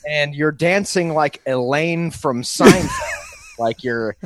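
A man's voice: fairly high pitch, slow, over a noisy crowd. A man co-hosting a podcast in casual chat, joking and teasing and laughing often. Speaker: podcast co-host.

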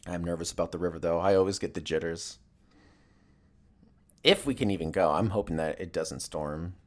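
Rambling, profane man with lowish voice. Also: moderate pace. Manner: rambling, profane, animated storytelling. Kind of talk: casual comedic rant.

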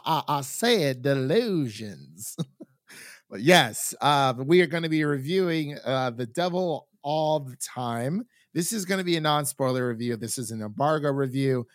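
A man's voice: medium pitch, no room sound, clean studio sound. A young man from Ohio hosts a casual podcast, chatty and laughing often, with frequent fillers. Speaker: podcast host.

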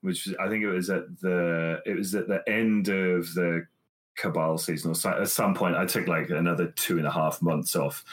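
Swearing, animated man on a podcast. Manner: animated storytelling, swears a lot, acts out quotes in a higher voice. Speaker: podcast co-host and gamer dad. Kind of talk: casual podcast chat.

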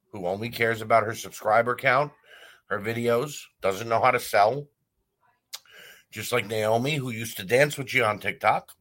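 A man's voice: medium pitch, pushed and bright. A man hosting a wrestling talk show, delivering a blunt, heated opinion rant with frequent fillers and restarts. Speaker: wrestling podcast host.

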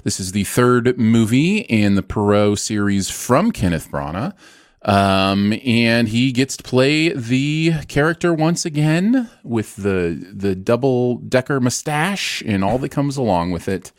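A man's voice: medium pitch, animated, a little slow, no echo, studio quality. A man hosting a movie review podcast, chatting casually in an enthusiastic, playful way. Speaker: podcast host.

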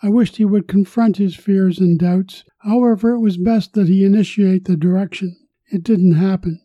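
Older man, high dark voice, measured reading. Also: fairly even intonation, no echo. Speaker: retirement podcast host. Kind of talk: scripted personal narration.

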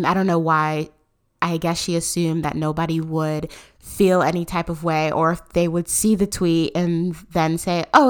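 A young woman in her twenties hosting a solo podcast, ranting with sarcasm and disbelief. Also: lowish voice. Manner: sarcastic, incredulous, animated. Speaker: podcast host.

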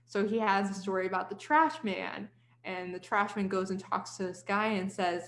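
A woman's voice: mid-range voice, normal speed, a bit bright, reverberant, slight background noise. Chatty woman retelling a story. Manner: chatty retelling with many "like"s and quoted dialogue. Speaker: podcast host. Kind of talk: casual storytelling.

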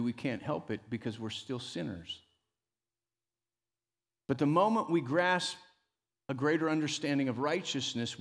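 A man preaching a sermon as pastor, emphatic and animated, often rising loud and dropping to a near hush. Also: long reverb tail. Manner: emphatic preacher who rises and drops in pitch and loudness, calling "come on".

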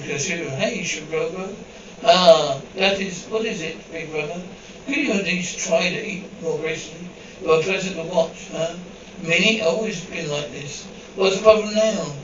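A man's voice: a little high, fairly bright tone, reverberant, recorded from a distance, dull audio, a little hiss or hum. A man reading an episode script aloud, voicing the dialogue and the sound cues in the same evenly paced voice. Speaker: script reader.

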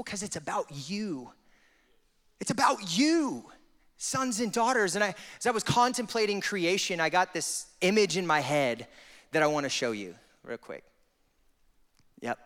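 A man preaching a sermon and praying, swinging from hushed, intimate prayer to loud, impassioned exhortation. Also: high-pitched. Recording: long hall reverb with music behind.

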